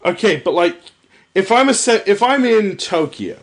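Excitable movie-buff guy on a podcast. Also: high voice, moderate pace. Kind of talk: casual comedic podcast chat.

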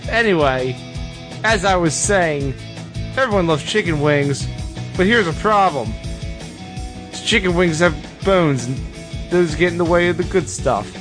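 A man hosting a comedy podcast, talking in an exasperated, mock-outraged, animated way. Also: a little high, a little slow, long pauses, music in the background. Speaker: podcast host.

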